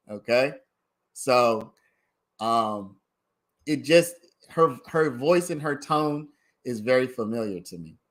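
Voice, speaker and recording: Slow, chatty man hosting a livestream. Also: medium pitch, bright, forceful tone. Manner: chatty, talks straight to viewers as "y'all". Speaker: livestream host commenting on a trial. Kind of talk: casual livestream commentary.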